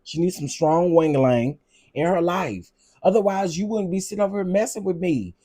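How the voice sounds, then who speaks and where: A man hosting a casual vlog, ranting in an animated, repetitive, exasperated way. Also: sits high, normal speed. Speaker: vlog host.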